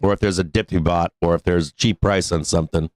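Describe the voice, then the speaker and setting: A man with a lowish voice hosts a live stock market stream in a loose, rambling way. He swears freely and laughs as he talks. The sound is dry and close, with no room behind it. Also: steady tone, brisk, a little mellow, no echo. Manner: rambling, profane, laughs often. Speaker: host of a live stock trading show. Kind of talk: casual live-stream talk.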